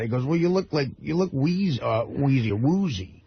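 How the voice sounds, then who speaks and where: A man telling a rambling story on a talk radio show, halting and stammering, with plenty of swearing. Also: on the high side, big pitch swings, vocal fry. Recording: lo-fi radio broadcast audio.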